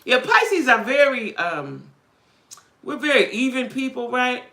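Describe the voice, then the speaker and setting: A woman's voice: high voice, sing-song, a little slow, fairly bright tone, roomy sound. A woman hosting a live chat with her viewers about dating, blunt and streetwise, who keeps checking in with "right?" and "you know what I'm saying?". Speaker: livestream host chatting with viewers.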